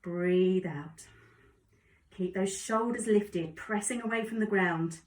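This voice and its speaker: A woman calmly guiding a yoga class with encouraging cues. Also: medium pitch, takes it slowly. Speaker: yoga instructor. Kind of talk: guided exercise instruction. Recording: echoey room, distant mic.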